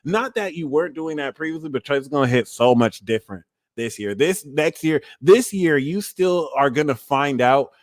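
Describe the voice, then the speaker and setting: A man's voice: fairly high pitch, moderate pace. A man giving a casual astrology reading, blunt and profane, who often acts out quoted voices. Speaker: astrology reader.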